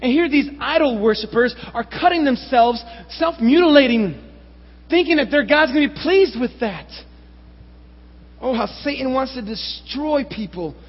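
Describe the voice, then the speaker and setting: A man with a very high, husky voice delivers a sermon with sweeping, lively intonation. He works through rhetorical questions and sarcastic asides. The lo-fi recording carries a long hall reverb. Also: moderate pace. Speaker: preacher.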